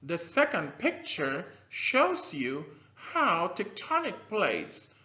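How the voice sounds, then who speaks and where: A man teaching a scripted science lesson to young learners, slow and animated, with drilled repetition and loud praise. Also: high-pitched. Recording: dull lo-fi recording.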